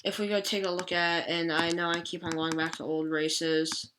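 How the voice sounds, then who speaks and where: A woman's voice: on the low side, little pitch movement, moderate pace, background noise. A woman hosting an election prediction channel, talking casually through a map and often correcting herself and apologizing. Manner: rambling, self-correcting, apologetic asides. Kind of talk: casual screen-recorded commentary.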